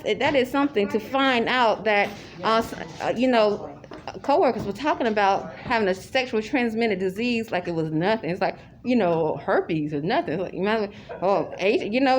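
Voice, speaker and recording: A woman talking casually to the camera in a rambling, repetitive way, with many restarts. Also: on the high side. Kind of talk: casual spoken monologue. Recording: loud crowd chatter behind.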